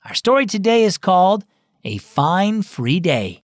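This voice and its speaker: A man's voice: high-pitched, very animated, a little slow, no echo, clean studio sound. A man hosting a children's devotional program, reading a script in a friendly, earnest storytelling way. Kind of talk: scripted narration.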